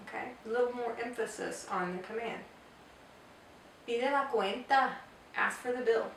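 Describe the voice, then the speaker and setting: A woman teaching a grammar lesson, explaining step by step and repeating example phrases slowly. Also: on the high side, gravelly, a bit bright, slight background noise. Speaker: Spanish teacher. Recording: echoey room, voice from far off.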